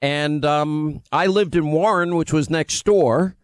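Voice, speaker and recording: A man's voice: fairly high pitch, smooth, no echo. A man from Long Island with a New York accent, hosting a talk radio show in casual, bantering style. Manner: brash, bantering, quick to interrupt.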